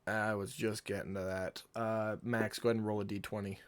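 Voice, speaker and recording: A man's voice: fairly low pitch, little pitch movement, brisk, a little hiss or hum. A man running a tabletop game online as game master, explaining rules in an easygoing, patient way.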